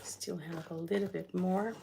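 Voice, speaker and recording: Lady chatting slow while she cooks, lots of ums and restarts, lowish voice. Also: fairly even intonation, creaky, very noisy. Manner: slow and hesitant, many fillers and restarts. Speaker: cooking channel host. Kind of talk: casual storytelling while cooking.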